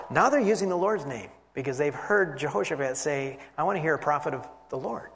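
A man teaching a Bible passage as a sermon, animated, voicing the quoted figures and swinging from loud emphasis to hushed asides. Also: fairly high pitch, moderate pace, hardly any pauses. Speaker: preacher. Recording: long hall reverb.

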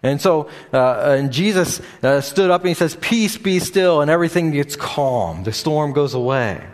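A man's voice: on the high side, expressive, moderate pace. A man preaching a sermon in a loose, unscripted way, with frequent fillers and restarts. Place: church or meeting room with a screen behind him.

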